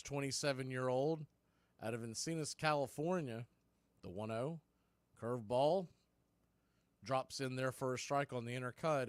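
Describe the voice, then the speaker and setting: Male radio play-by-play caller, steady and chatty between pitches, mid-pitched voice, dry studio mic. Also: no echo. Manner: steady conversational calling with asides. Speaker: play-by-play announcer.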